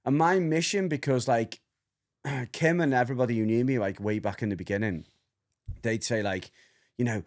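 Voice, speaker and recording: A middle-aged man with a mid-range voice co-hosts a podcast, chatting casually and rambling at a moderate pace. A dog trainer by trade, he repeats himself and laughs often.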